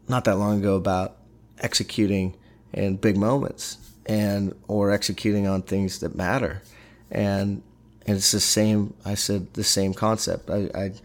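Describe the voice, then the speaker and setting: A middle-aged man, his voice sitting a little low. He tells a story in a loose, animated way, often breaking off and restarting his sentences. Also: creaky. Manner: animated, halting, many restarts. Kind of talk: casual storytelling.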